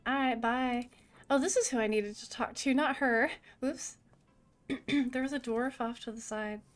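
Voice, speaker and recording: A woman's voice: a little high, measured pace. Chatty woman streaming a game. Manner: casual, chatty asides between read narration. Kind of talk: reading and playing a game aloud.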